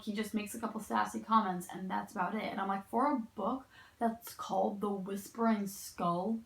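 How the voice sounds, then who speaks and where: Young woman, tired and gravelly, rambling opinionated book-review chat in a roomy, echoing room. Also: a little high. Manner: rambling and opinionated, heavy use of "like" and "um". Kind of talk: casual spoken book review. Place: indoor room, sitting in a chair. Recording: echoey room.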